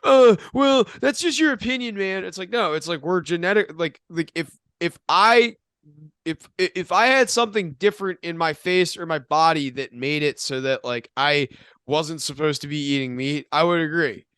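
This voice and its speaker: Rambling, cursing young podcast host. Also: male voice, fairly high pitch, normal speed, sharp tone, smooth, dry recording, clean studio sound. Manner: rambling and profane, heavy filler words. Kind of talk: casual podcast chat.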